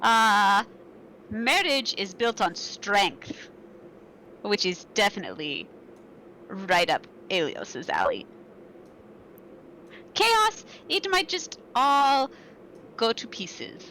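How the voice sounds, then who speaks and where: A woman voicing a measured, calm adult female adventurer in a tabletop game, speaking slowly and deliberately. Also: mid-range voice, a little hiss or hum, pitched below the performer's own voice, exaggerated voice, rough recording. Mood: thoughtful. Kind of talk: in-character speech in a tabletop game.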